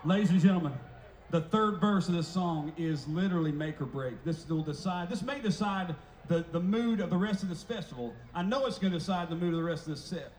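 High-voiced frontman hyping a festival crowd. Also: a little fast, slight background noise. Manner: showman firing up a crowd, loud and playful. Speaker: band frontman. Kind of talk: stage banter at a live concert. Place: outdoor festival stage. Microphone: stage microphone through a PA. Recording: echoey live festival PA sound.

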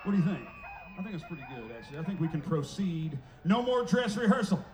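High-voiced frontman hyping a festival crowd. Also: big pitch swings, fast, heavy background noise. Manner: showman firing up a crowd, loud and playful. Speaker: band frontman. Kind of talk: stage banter at a live concert. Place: outdoor festival stage. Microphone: stage microphone through a PA. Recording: echoey live festival PA sound.

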